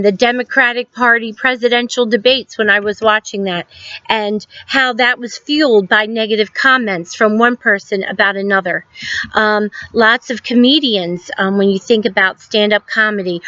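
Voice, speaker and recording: Woman in her 50s, school counselor, gentle storytelling, filler ums, dry close sound, muffled lo-fi audio. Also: mid-range voice, dry recording. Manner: gentle storytelling with many ums and reflective questions. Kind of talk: recorded guidance lesson for students.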